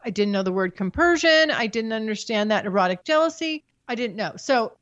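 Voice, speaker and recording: A woman with a somewhat high voice speaks frankly and swears freely as a podcast guest, often trailing off and restarting her sentences. The recording is dry and a bit dull, with no room sound. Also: lively intonation, fairly bright tone, no room sound. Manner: frank, profane, storytelling with halting restarts. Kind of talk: candid casual chat.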